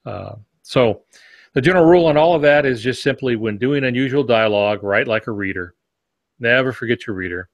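A man co-hosting a podcast on fiction writing, explaining points in a relaxed, thoughtful way with examples. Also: medium pitch, a little fast, no echo. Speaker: podcast co-host. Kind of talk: casual podcast discussion on writing.

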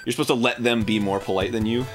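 A man's voice: medium pitch, steady tone, fast talker. Man ranting about everyday annoyances over music. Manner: rambling, swearing, acting out both sides of annoying exchanges. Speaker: podcast co-host. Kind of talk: casual comedic chat.

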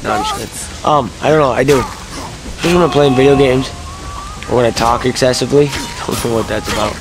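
A man's voice: medium pitch, fairly quick, poor audio. A man commenting casually while playing a video game, frustrated and swearing a lot. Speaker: let's-play gamer.

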